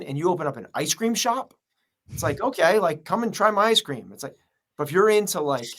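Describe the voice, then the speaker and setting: A man's voice: on the high side, a bit bright. A man who runs a gym, speaking as a podcast interview guest in an earnest, rambling way full of fillers. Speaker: gym owner and coach.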